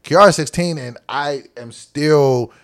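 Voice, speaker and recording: Guy in his 30s chatting on a podcast, animated, jumps up high when he quotes people. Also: slow pace. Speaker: podcast co-host. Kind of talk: casual chat.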